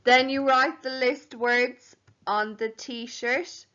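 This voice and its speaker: Slow, clear teacher sounding out words. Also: female voice, on the high side, steady tone, pushed and bright, muffled recording. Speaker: primary school teacher. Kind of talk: home learning phonics lesson.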